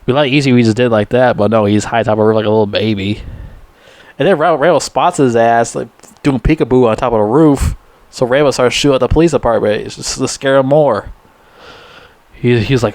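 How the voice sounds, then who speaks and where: A man's voice: mid-range voice, fairly quick, darkish tone, dry recording. A man giving a rambling, profanity-laced casual movie review, with lots of restarts and sudden emphatic rises.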